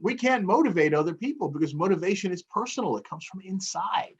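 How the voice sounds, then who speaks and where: A man's voice: high voice, expressive, fast, slightly rough, dull audio. A man who is a motivational speaker, chatting in an interview and acting out tones of voice to explain a point. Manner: demonstrates tone by acting out phrases. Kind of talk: casual interview chat.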